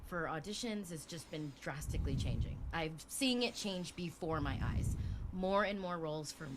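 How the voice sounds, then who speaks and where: A woman's voice: on the low side, normal speed, noisy background. A woman voice actor chatting as a guest on a livestream, hesitant with many fillers and effusive thanks. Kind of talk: casual chat on a video call stream.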